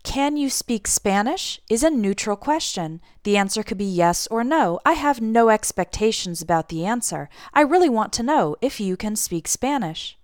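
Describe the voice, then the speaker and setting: Woman, english teacher, clear deliberate delivery, lively intonation, dry close sound. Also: mid-range voice, dry recording. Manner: clear, deliberate, modeling intonation on example phrases. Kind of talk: scripted language lesson.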